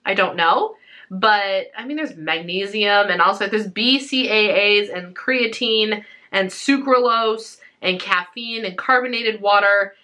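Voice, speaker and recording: A woman's voice: mid-range voice, unhurried, bright, forceful tone. A young woman chatting casually in a food vlog, upbeat and rambling, a little out of breath. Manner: chatty and upbeat, lots of fillers. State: slightly out of breath. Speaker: vlogger.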